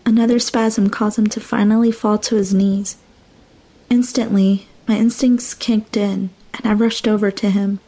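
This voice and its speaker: A woman's voice: mid-range voice, flat delivery, a little slow, warm tone. A young woman narrating a first-person horror story with dramatic, emotional delivery.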